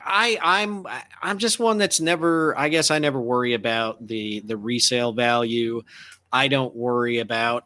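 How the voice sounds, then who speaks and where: A man co-hosting a casual podcast, speaking haltingly with many restarts and self-deprecating humor. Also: medium pitch, steady tone, sharp tone. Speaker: podcast co-host. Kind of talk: casual chat.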